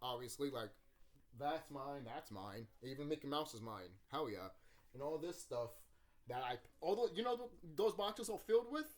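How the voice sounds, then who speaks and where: A YouTube channel host sits in a room at home ranting casually about a movie, cursing often, laughing, and acting out scenes. His voice is a little high, with lively intonation and a fairly quick pace.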